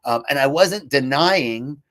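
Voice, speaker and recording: A man's voice: medium pitch, animated, slow pace, a bit bright. Earnest man telling a personal story. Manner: earnest, reflective, self-correcting. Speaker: host of a live stream.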